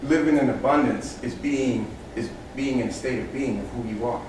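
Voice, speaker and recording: In a room with a small audience, a motivational speaker of medium pitch and moderate pace tells animal stories, switching energy dramatically as he acts out their voices. Background noise is present, and the recording sounds echoey with the mic placed far away.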